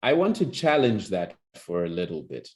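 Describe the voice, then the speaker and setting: A public speaking coach teaches presentation skills in an online lesson over a video call. His voice is low, sing-song and a little mellow, at a normal speed. He talks conversationally, restarting often and acting out example lines.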